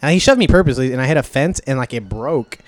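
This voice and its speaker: A man's voice: medium pitch, animated, quick pace, no echo. A young man in casual chat, telling rambling stories full of fillers and swearing.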